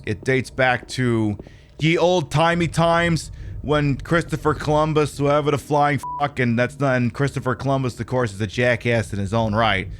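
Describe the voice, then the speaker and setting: A man's voice: medium pitch, moderate pace, slight background noise. A man streaming a horror game, chatting casually in a rambling, opinionated way with lots of fillers. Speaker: livestreamer. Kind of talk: casual gameplay commentary.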